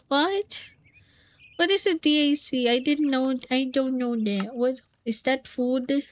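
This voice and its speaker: Slow-talking playful woman streamer. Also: on the high side. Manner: playful, chatty, squeals and laughs often. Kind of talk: casual gameplay chat.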